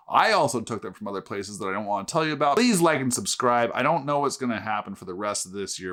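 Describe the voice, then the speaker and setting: A man hosting a casual beer review vlog who tells jokes in a deadpan way and swears freely. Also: on the low side. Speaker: host.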